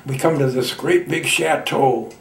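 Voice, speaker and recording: A man in his nineties from Michigan, a veteran telling his war memories in a halting, folksy way with plain colloquial grammar. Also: medium pitch, creaky, roomy sound, distant mic. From Michigan, United States. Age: 90s. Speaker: veteran interviewee. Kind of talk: oral history reminiscence.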